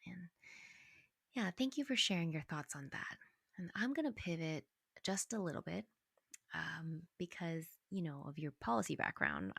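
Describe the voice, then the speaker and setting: A woman's voice: lowish voice, vocal fry, no room sound, clean studio sound. A woman hosting a podcast, affirming her guest and asking thoughtful questions in a casual conversation. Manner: warm, affirming interviewer. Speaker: podcast host.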